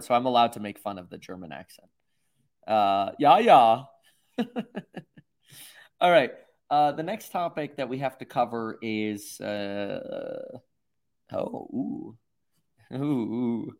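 A man hosting a livestream, rambling and self-mocking with lots of fillers. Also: medium pitch. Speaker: host. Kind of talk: livestream commentary.

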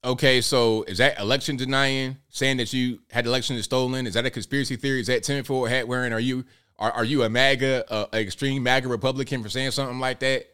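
A man's voice: mid-range voice, steady tone, quick pace, pushed and bright, clear, resonant tone. A man hosting a live political commentary show, talking straight to his viewers with a sarcastic edge. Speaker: host.

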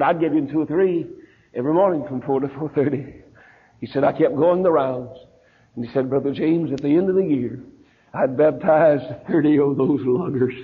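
An older pastor from Mississippi preaches a sermon in a Southern US accent, his voice fairly high-pitched, telling stories and acting out the people in them through quoted dialogue. The recording sounds tinny and phone-like, with a little hiss or hum.

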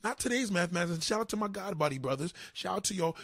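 A man's voice: high-pitched, expressive, fast talker, fairly bright tone, no room sound, clean studio sound. Brash profane New man ranting. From New York. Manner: profane, brash, acts out both sides of conversations. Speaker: commentator. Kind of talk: casual rant to viewers.

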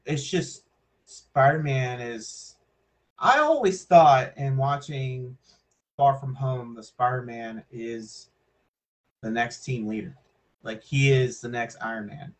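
A man's voice: medium pitch, slow pace. A man co-hosting a casual podcast, rambling loosely with lots of fillers and a sarcastic streak. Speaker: podcast co-host. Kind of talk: casual chat.

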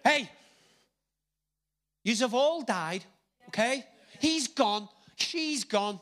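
High bright animated male preacher. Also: very slow, long pauses. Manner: animated, jokey, repeats words for emphasis. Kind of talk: sermon.

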